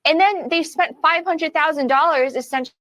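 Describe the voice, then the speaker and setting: A woman's voice: high voice, a little fast, fairly bright tone, no room sound. A woman who was a campaign fundraiser, speaking indignantly and emphatically as an interview guest. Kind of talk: interview commentary.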